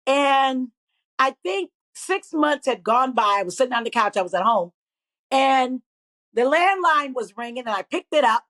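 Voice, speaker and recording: A middle-aged woman and comedian, swearing freely as she tells animated stories as a guest in a podcast interview. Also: sits high, normal speed.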